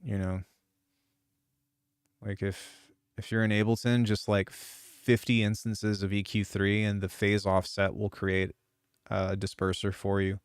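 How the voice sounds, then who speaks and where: A man's voice: lowish voice, flat delivery, a little slow, clean tone, no room sound, studio quality. A man who produces music, chatting casually on a live stream, rambling and swearing freely with lots of restarts. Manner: rambling, profane, frequent restarts.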